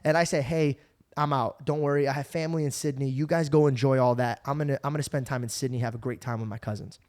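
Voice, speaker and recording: A man hosting a casual podcast, telling a story in an animated way, laughing often and tired from no sleep. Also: medium pitch, fast talker. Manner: animated, laughing, does voices of friends. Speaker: podcast host.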